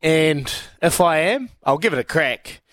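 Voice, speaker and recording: Laid-back New radio host, dry sound. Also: male voice, fairly high pitch, animated, unhurried, fairly bright tone, dry recording. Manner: laid-back, laughs often, blokey banter. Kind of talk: casual sports chat.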